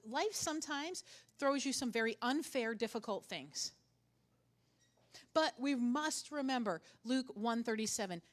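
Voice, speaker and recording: A middle-aged woman pastor preaching a sermon in a conversational way, with joking asides and phrases repeated for emphasis. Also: on the high side.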